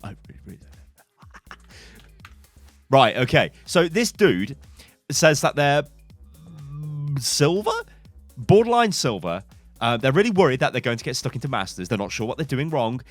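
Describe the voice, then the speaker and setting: Lively man coaching gameplay. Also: medium pitch, no echo, soft background music. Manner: animated, theatrical, quick to exclaim. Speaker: game coach and channel host.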